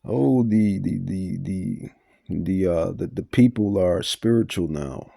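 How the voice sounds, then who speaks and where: A male preacher delivers a Bible teaching sermon in a very low, gravelly voice. He talks slowly and emphatically, repeating himself and restarting phrases. The sound is dark and dry. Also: no room sound, soft background music. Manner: emphatic, repetitive, stumbling restarts.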